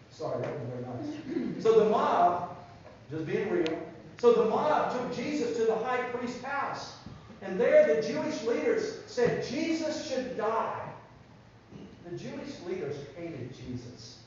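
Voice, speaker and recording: A man giving a children's sermon in a church, telling a Bible story in an animated way and asking the kids questions. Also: sits high, a little hiss or hum. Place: church sanctuary. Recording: echoey church from far off, dull sound.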